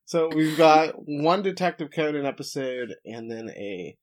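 A man hosting a podcast in a relaxed, chatty way. He recaps episodes and drops playful jokes and asides as he goes. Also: fairly high pitch, measured pace. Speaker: podcast host. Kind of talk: casual podcast chat.

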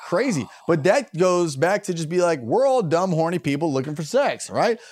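A man's voice: fairly high pitch, animated, moderate pace, darkish tone. A young man co-hosting a podcast, telling crude stories with a wry, jokey manner. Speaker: podcast co-host and comedian. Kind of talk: casual chat, storytelling.

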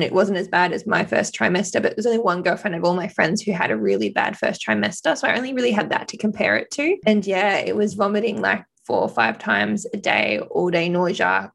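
A woman chatting casually as co-host, telling stories animatedly and acting out quoted lines with big jumps in pitch. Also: brisk, creaky. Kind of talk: casual chat.

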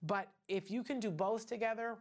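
A woman's voice: mid-range voice, steady tone, normal speed, a little mellow. A middle-aged woman hosting a casual talk show, chatty and emphatic with many asides and rhetorical questions. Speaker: podcast host.

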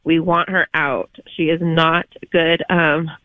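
A parent phones in to a radio show and speaks indignantly, pressing her point. Her voice is deep with little pitch movement, and she takes it slowly. The dry recording comes through a dull, lo-fi phone line.

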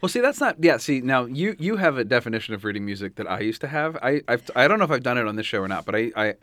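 A man's voice: medium pitch, fast talker, dry recording. A man hosting a podcast, chatting casually and asking questions as he thinks aloud. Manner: inquisitive, animated, thinking aloud. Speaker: podcast host. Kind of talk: casual chat.

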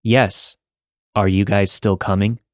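A man doing a flat, monotone realtor. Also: lowish voice, slow, no echo, clean studio sound. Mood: curt flat.

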